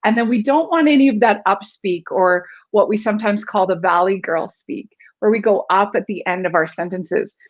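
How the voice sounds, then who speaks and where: A woman's voice: mid-range voice, moderate pace, few pauses. Woman coaching on voice, muffled sound. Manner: demonstrative, explains with vocal examples. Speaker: communication coach guest. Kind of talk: instructive interview talk.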